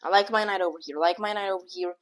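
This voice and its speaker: A woman giving casual, excitable running commentary on her own chess game, thinking aloud move by move and often scolding herself. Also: medium pitch, racing. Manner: casual slang, says "bro" and "oh my god". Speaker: chess streamer.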